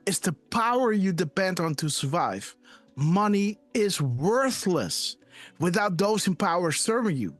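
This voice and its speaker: A man hosting a live online show, reading posts aloud in emphatic casual commentary and often adding "right?" and "you know". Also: sits high. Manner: emotional, trailing off softly at ends.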